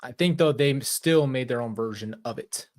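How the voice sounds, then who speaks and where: A man's voice: mid-range voice, normal speed, a little hiss or hum. A man hosting a true-crime reaction commentary in a casual, mocking and exasperated way, laughing and swearing as he talks.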